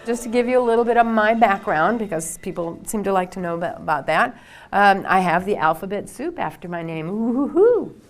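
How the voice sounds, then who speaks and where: An older woman with a Minnesotan accent lectures as a soil scientist. She is emphatic and drags out key phrases for weight. Her pitch sits in a middling range for a woman. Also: faint music behind. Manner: emphatic, slows down to stress points.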